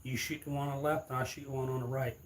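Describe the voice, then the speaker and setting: A man's voice: mid-range voice, flat delivery, very fast, slight background noise. A man, telling a rambling, laughing story casually to his viewers. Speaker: streamer.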